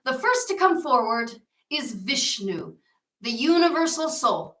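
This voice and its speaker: A woman's voice: high-pitched, sing-song, a little slow, fairly bright tone, roomy sound, distant mic, poor audio. A woman leading a guided yoga class and telling a myth along the way, with playful, jokey asides. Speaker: yoga teacher.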